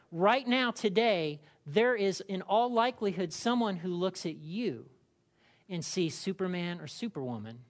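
A male pastor preaching in a conversational, humorous way, often checking in with the congregation. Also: high voice. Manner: conversational and humorous, with frequent "all right?" check-ins. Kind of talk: sermon.

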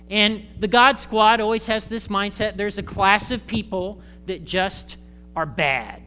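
High, bright-voiced man preaching. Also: unhurried, slight background noise. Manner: conversational, animated, acts out quoted voices. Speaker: pastor. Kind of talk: sermon. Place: church.

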